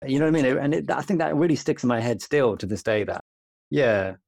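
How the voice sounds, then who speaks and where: Fast-talking gravelly young man. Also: expressive, darkish tone, no echo. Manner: rambling, self-deprecating, quick and low-key. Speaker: junior doctor, podcast co-host. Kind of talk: casual podcast chat, storytelling.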